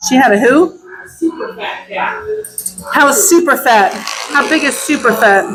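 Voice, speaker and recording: Chatty high-voiced woman groomer. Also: moderate pace, music in the background, low-quality recording. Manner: chatty, animated storytelling with sudden high exclamations. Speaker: dog groomer. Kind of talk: casual chat while grooming. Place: grooming salon.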